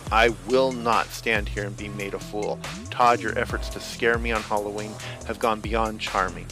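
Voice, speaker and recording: A haughty alien envoy speaks in formal, commanding tones, as a man reads him out. The voice sits fairly low, a figure from a spooky storybook reading with music in the background. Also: fairly even intonation, normal speed, close to an everyday voice. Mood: indignant.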